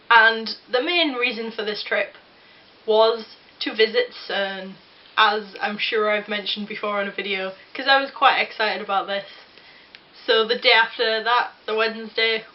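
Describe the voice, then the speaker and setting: A woman's voice: medium pitch, lo-fi sound. A young woman with an English accent, casually telling a self-deprecating story to camera with frequent restarts. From England. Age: young adult. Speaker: vlogger.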